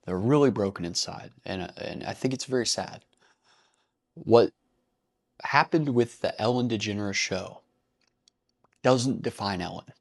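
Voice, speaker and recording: A man's voice: lowish voice, measured pace, vocal fry, pauses often. A man hosting a casual vlog commentary, talking bluntly with frequent swearing and breaking into laughter. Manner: blunt and profane, laughs easily. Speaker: commentary channel host.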